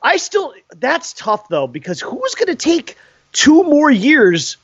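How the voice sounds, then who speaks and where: A man's voice: very high voice, slow, dry recording, highs cut off. A man in his forties co-hosting a casual sports podcast, telling stories with lots of laughs. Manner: animated storyteller, laughs often. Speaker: podcast co-host.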